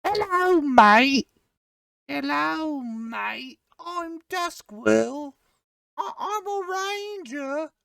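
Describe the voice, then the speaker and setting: A man voicing an eight-year-old boy elf ranger, cheeky and squeaky. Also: expressive, extremely slow, vocal fry, a bit bright, dry recording, clean studio sound, distant mic, full character voice. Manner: squeaky, very high child voice.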